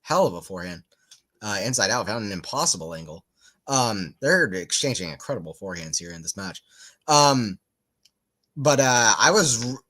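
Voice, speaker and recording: A man's voice: fairly low pitch, lively intonation, moderate pace, pushed and bright. A man giving casual live tennis commentary for a watchalong stream, just woken up, rambling into chatty asides between calls of the points. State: just woke up.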